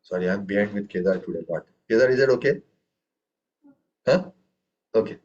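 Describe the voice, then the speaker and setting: A man teaches tabla to a group online, his voice on the low side, darkish in tone, at a moderate pace, with the highs cut off. He asks students one question after another and recites drum syllables, stressing the first strongly.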